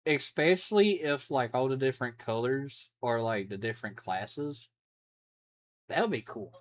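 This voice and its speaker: A reaction host chatting casually and excitedly, with loud sudden outbursts. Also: medium pitch, a little slow. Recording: dull, dry close sound.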